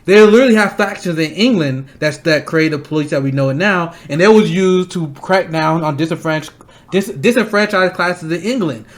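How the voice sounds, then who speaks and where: A young man hosting a political stream, angry and blunt, ranting fast and swearing often. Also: on the high side. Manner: fast, repeating himself to stress points. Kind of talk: heated political commentary.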